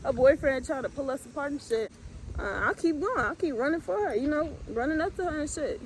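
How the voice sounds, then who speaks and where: A woman's voice: sits high, animated, fairly quick, slight background noise, poor audio. A young woman from the US Midwest telling a storytime in a blunt, profane, laid-back way with lots of fillers. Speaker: vlogger. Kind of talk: casual storytime.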